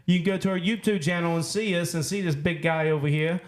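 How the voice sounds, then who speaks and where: A man hosting a podcast, chatting loosely and jokingly with drawn-out uh's between phrases. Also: a little high, steady tone. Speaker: podcast host. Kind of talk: casual chat.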